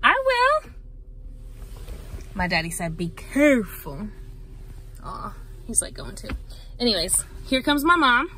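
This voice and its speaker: A young woman vlogging casually from a parked car, chatty and gushing with excitement. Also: a little high, slight background noise, poor audio. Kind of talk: casual vlog talk to camera.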